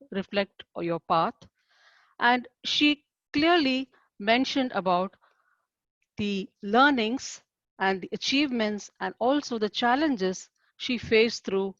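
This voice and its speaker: A woman's voice: mid-range voice, dry recording, dull audio. A woman giving formal, encouraging feedback as a speech evaluator at a club meeting, heard over a video call.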